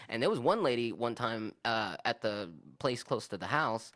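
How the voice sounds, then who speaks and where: A man's voice: lowish voice, fairly quick. A man in casual podcast chat, retelling an argument with lots of swearing and quoted back-and-forth. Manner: animated, profane, acts out both sides of arguments.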